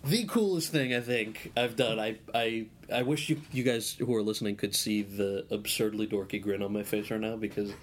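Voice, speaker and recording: A man's voice: on the low side, normal speed, hardly any pauses. A man guesting on a casual podcast interview, telling stories in a rambling way with lots of restarts. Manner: rambling storyteller with many restarts.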